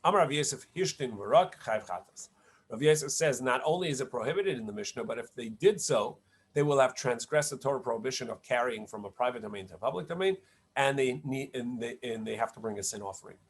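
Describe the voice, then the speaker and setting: A rabbi talks a class through a Talmud passage in an ordinary, mid-pitched man's voice. He explains patiently but haltingly, restarting phrases and filling pauses with "uh" and "um". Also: expressive, slight background noise. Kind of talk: online Talmud lecture. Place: home setup, online class.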